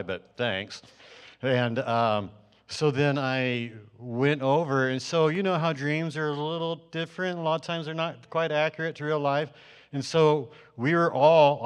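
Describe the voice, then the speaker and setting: A man's voice: medium pitch, smooth. A man sharing a dream as a testimony to his church congregation, telling it as a story with many fillers and restarts.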